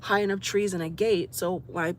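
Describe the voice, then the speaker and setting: A woman's voice: on the low side, steady tone, a little fast. A woman vlogger talking tearfully into her phone camera from her car, rambling and repeating herself as she cries. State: crying. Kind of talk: tearful personal vlog while driving. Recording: loud car noise behind.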